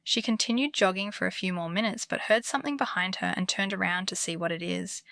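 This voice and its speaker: A woman narrating true scary stories for bedtime in a calm, comforting scripted delivery. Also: medium pitch, a little fast, gravelly, no echo, studio quality. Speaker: horror story narrator.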